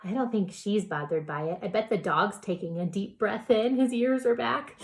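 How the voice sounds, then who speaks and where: A woman teacher reading a picture book aloud to young children, gentle and soothing with soft whispered asides. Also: mid-range voice, normal speed, hardly any pauses.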